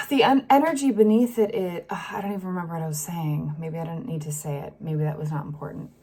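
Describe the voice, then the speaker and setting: A woman with a lowish, steady voice gives a casual tarot reading at a fairly quick clip. She gets emotional and acts out the feelings she picks up, sighing and letting sentences trail off.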